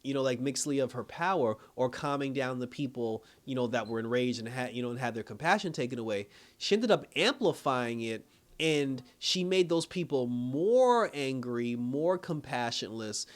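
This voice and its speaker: A man casually reviewing a TV episode, rambling with many fillers and frequent chuckles. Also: mid-range voice. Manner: rambling, full of "you know" and "like" fillers; chuckles often while recapping.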